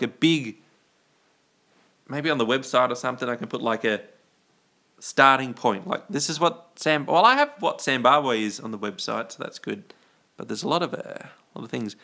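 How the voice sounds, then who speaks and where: A man's voice: medium pitch, animated, normal speed, pushed and bright. A man from Australia hosting a live stream, chatting in a rambling, playful way, trailing off, restarting and reading out chat comments. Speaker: livestream host.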